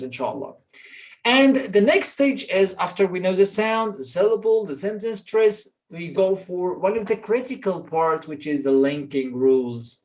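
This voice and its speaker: A pronunciation teacher with an Egyptian accent, giving a recorded lesson and explaining each point in English and then again in Arabic. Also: medium pitch.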